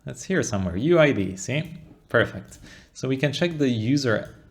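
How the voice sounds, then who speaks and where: This young man's mid-range voice has lively intonation and a moderate pace. He's a coding tutorial instructor giving a casual screen-share walkthrough, reasoning out loud and repeatedly asking "right?"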